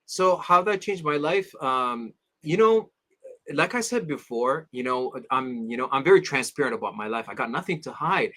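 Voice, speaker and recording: A man in his thirties, an interview guest, telling personal stories in an animated way and acting out his friends' voices. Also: normal speed. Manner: animated, acts out friends' voices with big pitch jumps; addresses host as "my beloved father". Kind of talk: storytelling in casual interview.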